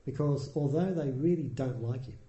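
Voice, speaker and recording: A man giving a Buddhist dharma talk, telling the story in a relaxed, conversational way with dry humour. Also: medium pitch, moderate pace, lo-fi sound. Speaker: dharma teacher. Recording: roomy echo.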